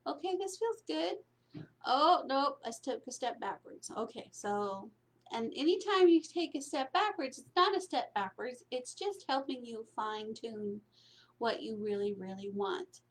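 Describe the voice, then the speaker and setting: A woman coaching on spiritual prosperity in a casual, meandering talk, repeating her phrases and checking in with "right?". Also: a little high.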